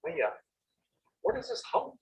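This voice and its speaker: A man's voice: a little slow, natural voice, low-quality recording. A man voicing a playful, mischievous little boy who brushes off his mother's warnings in a devotional story. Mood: cheeky. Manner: cheeky, dismissive, questioning.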